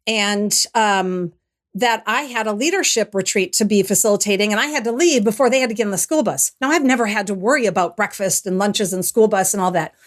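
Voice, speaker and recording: A middle-aged woman, a guest on an interview show, telling a personal story in a reflective way that turns animated as she retells it, often restarting her sentences. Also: mid-range voice, fairly quick.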